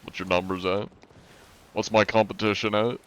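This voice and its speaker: A young man streaming a game live, chatting in a relaxed way and answering his chat while he plays. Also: fairly low pitch, moderate pace, lo-fi sound, a little hiss or hum.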